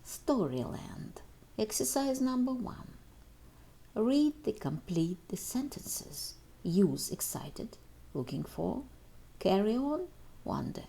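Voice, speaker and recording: A woman's voice: mid-range voice, very animated, slow, gravelly, mellow, husky. A woman teacher, reading out homework exercises and answers to children and addressing them directly. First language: Russian. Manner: reads exercises aloud and addresses pupils directly. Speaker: English teacher. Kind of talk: recorded homework walkthrough for children.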